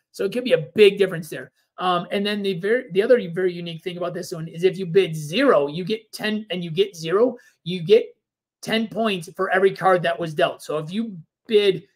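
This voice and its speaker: A man co-hosting a casual board game podcast, explaining rules in a relaxed, rambling way with plenty of fillers. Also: high-pitched, brisk. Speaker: podcast co-host.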